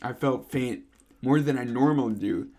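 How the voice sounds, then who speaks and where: A young man co-hosting a podcast, reading fan fiction aloud in a deadpan way. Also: medium pitch, normal speed, heavy background noise. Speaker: podcast co-host.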